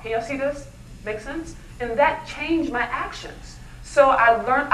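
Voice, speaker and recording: A woman speaker gives an animated motivational talk at a luncheon, her voice high and sharp. She keeps turning to the audience with questions. The sound is roomy and picked up from far off, with a faint hiss underneath. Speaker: keynote speaker. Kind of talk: motivational speech. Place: luncheon event hall. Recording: echoey hall, mic from far off.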